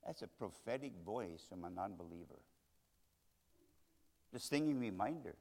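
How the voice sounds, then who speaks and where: A man preaching a sermon, swinging between loud emphatic lines and hushed soft ones. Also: lowish voice, sing-song, normal speed, pauses often. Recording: long reverb of a large hall.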